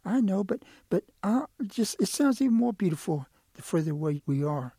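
A man's voice: sits high, big pitch swings, moderate pace, warm tone, breathy edge, no room sound, studio quality, pitched above the performer's own voice, full character voice. A man doing a sly wheedling quail. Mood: coaxing. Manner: coaxing, wheedling. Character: sly smooth-talking male quail. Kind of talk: oral folk storytelling.

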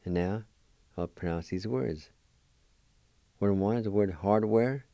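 A language teacher with a low, mellow voice works slowly through a lesson, spelling and pronouncing each word syllable by syllable. His tone is patient and encouraging, and the audio is close and dry with no echo.

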